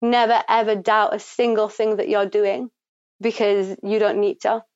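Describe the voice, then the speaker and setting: A woman giving a psychic reading, talking passionately and quickly, swearing freely and affirming the listener. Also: medium pitch, level tone, darkish tone, clean tone, no echo. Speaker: psychic reader and guest. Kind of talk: intuitive reading, casual and emphatic. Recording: dry, slightly muffled recording.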